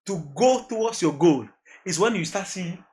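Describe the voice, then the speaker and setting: A man's voice: high-pitched, lively intonation, normal speed, darkish tone. A man with a Nigerian accent who mixes in Pidgin, a music producer talking about his journey as a podcast guest, earnest and reflective, repeating phrases as he thinks. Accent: Nigerian, mixing in Pidgin. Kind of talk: casual interview chat.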